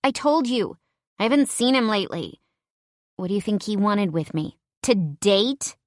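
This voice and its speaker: A woman's voice: medium pitch, animated, normal speed, no echo, clean studio sound, voice pushed up, natural voice. A woman reading the part of a broke, weary young woman who talks in a sassy drawl. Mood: wry. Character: broke, weary young woman stuck in a small town, brassy.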